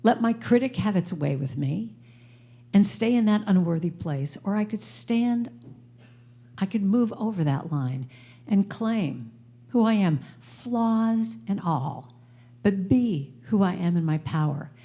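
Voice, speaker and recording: A woman's voice: mid-range voice, slow. An American woman giving a sermon to a live congregation, telling a personal story and acting out the voices in it. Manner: animated, acts out voices in her story. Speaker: guest speaker at a spiritual center. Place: church sanctuary before a live congregation.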